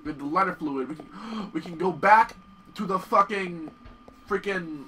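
A man casually commentating on a horror video game as he plays, excitable and swearing often. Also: high voice, measured pace, distant mic. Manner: excitable, profane, yells at the game. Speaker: gameplay commentator. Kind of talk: casual let's-play commentary.

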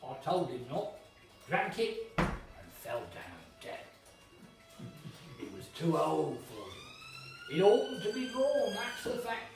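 A man voicing a jolly, greedy male inn waiter in a storybook reading, with hearty, drawn-out exclamations. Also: high voice, wildly swooping pitch, creaky, over music, pitched above the performer's own voice, full character voice. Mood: hearty, wheedling. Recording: echoey room, mic at a distance.

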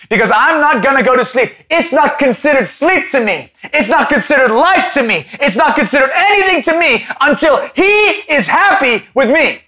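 A man preaching an impassioned Bible-study sermon, rising at times to a shout. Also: very high-pitched, animated, moderate pace, few pauses.

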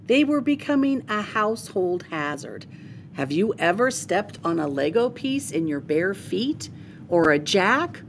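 A woman reading a children's picture book aloud in an expressive, lively storytelling manner. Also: mid-range voice, a little slow, slight background noise.

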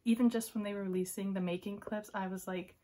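A woman filming an excited unboxing vlog, giddy and gushing, often dropping to a hushed whisper. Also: medium pitch, quick pace. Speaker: K-pop fan vlogger.

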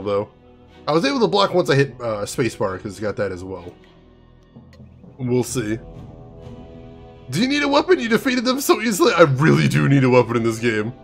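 A man streams a video game, chatting casually and answering chat. His voice is fairly high and swings widely in pitch. Soft game music sits behind him. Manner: chatty, reads chat aloud. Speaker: gaming streamer.

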